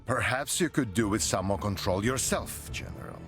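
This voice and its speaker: Actor as a deep, guarded game officer, scheming. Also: male voice, expressive, moderate pace, over music, natural voice. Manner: guarded, low and controlled. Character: scheming male officer under suspicion. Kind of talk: video game cutscene acting.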